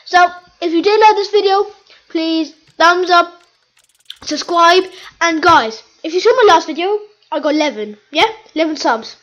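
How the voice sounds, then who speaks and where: A woman giving excitable, chatty commentary over her own gameplay video, repeating phrases over and over. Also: very high-pitched, moderate pace, lo-fi sound. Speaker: gaming video host.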